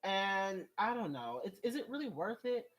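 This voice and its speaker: A man's voice: sits high, very animated, normal speed, fairly bright tone. Exasperated rambling man vlogger. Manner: exasperated, rambling, laughs often, voice rises when worked up. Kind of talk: casual commentary, reading viewer comments.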